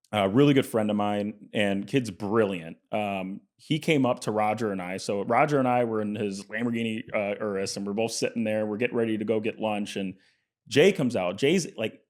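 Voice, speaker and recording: A man being interviewed as a business guest in casual chat, telling stories with lots of fillers and acted-out quotes. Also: fairly low pitch. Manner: animated storyteller, acts out quotes; frequent fillers and restarts. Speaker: podcast guest, entrepreneur.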